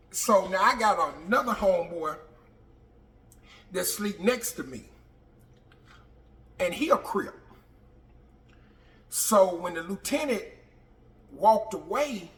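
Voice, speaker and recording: A man casually telling a personal story, animated and profane, acting out what people said. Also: high voice. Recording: roomy, distant mic with faint noise.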